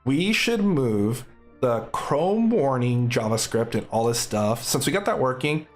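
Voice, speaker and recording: A man's voice: medium pitch, animated, unhurried, faint music behind. A man streaming live coding, thinking aloud in casual, upbeat commentary.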